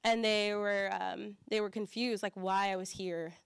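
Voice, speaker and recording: A woman's voice: mid-range voice, unhurried, creaky, smooth, dry recording, clean studio sound. Chatty young woman with Southern lilt. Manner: chatty, animated quoted voices, many fillers. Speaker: church staff speaker. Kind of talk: conference breakout talk.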